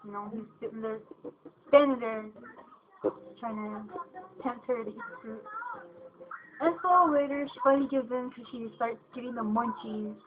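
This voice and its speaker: Woman, rambling casual storyteller, higher voice, tinny lo-fi recording. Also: expressive, moderate pace, long pauses, noisy background. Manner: rambling, lots of ums and "you know". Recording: tinny lo-fi phone-like audio.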